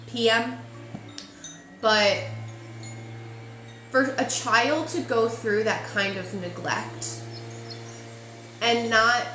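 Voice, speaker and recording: A woman of middling pitch talks through a spiritual forecast in a loose, chatty way. She leans into emotional moments and keeps asking "okay?". Her voice rings in an echoey room over a faint hum. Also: a bit bright. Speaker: intuitive reader. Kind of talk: casual spiritual forecast talk.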